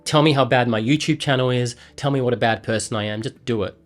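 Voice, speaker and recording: A man's voice: mid-range voice, fast, soft background music. An Australian man vlogging, chatting playfully with an AI in a rambling way that often trails off. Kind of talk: casual chat with an AI.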